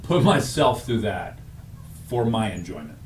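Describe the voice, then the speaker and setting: A man's voice: lowish voice, very animated, a little slow, roomy sound, far from the mic, slight background noise. A man co-hosting a radio show, chatting casually, rambling and correcting himself as he goes. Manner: rambling, self-correcting, laughs at own jokes. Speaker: radio co-host. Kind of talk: casual morning radio banter.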